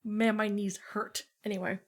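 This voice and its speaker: A woman playing a tabletop game, talking hesitantly with ums and pauses. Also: mid-range voice, flat delivery. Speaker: player.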